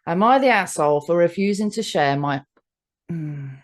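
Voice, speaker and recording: A woman's voice: on the low side, lively intonation, moderate pace. An English woman co-hosting a podcast, chatting and reading posts aloud steadily, with dry short remarks. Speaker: podcast co-host.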